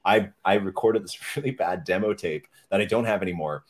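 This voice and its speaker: Deep-voiced man. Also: fairly quick. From Canada. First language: French. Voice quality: deep, radio-like voice. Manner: rambling, self-deprecating storyteller with many fillers. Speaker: podcast guest. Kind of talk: casual chat.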